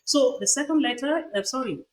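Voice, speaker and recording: A woman's voice: high-pitched, animated, a little fast. A woman lecturer with a Nigerian accent teaching phonetics, repeating example words aloud and asking her students rhetorical questions. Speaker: university lecturer. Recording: noisy lecture recording.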